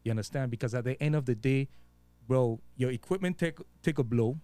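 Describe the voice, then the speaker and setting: A man's voice: medium pitch, fairly quick, dark tone, clean tone, dry recording. Laid-back Virgin Islands man, dry sound. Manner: laid-back, street slang, frequent swearing and fillers. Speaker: guest DJ. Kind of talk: casual interview chat.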